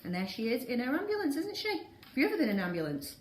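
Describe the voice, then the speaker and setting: A Northern English woman teacher reading with a young pupil, patient and encouraging, slowing down to model words. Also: sits high, sing-song. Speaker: primary school teacher. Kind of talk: guided reading with a child. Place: classroom. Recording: roomy classroom with faint background noise.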